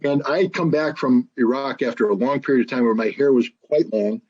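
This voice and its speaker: A man's voice: medium pitch, a little fast, a little mellow, breathy edge, highs cut off. A man telling stories in casual conversation, emphatic, with frequent restarts. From United States. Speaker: guest, former weapons inspector.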